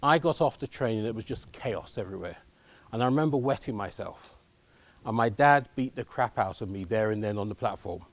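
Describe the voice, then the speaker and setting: A man's voice: fairly low pitch, fairly quick. A man in his fifties from England speaks candidly about his own upbringing and often checks in with his audience. The recording is dull and lo-fi, with a dry sound that has no room echo. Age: 50s. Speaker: conference speaker. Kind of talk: personal storytelling talk.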